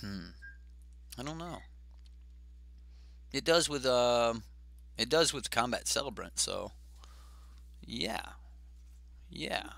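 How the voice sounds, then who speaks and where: A man's voice: medium pitch, lively intonation, slow, gravelly, long pauses, fairly bright tone. A man hosting a card game stream, chatting casually and thinking aloud with fillers as he plays. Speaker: host.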